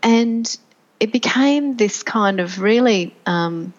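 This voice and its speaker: A woman's voice: mid-range voice, expressive, takes it slowly, highs cut off. A middle-aged woman, a podcast guest telling her story in a reflective way with many fillers and restarts. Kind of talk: conversational interview storytelling.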